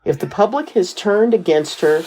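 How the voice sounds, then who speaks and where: A woman's voice: lowish voice, expressive, moderate pace, dark tone, low-quality recording. A woman co-hosting a podcast, recapping a TV episode in casual chat, laughing often and swearing bluntly. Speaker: podcast co-host.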